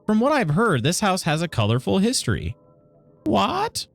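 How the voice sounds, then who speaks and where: A woman's voice: medium pitch, wildly swooping pitch, normal speed, vocal fry, faint music behind, voice pushed up, exaggerated voice. A woman voicing a grumpy, curt old landlady while reading game dialogue aloud.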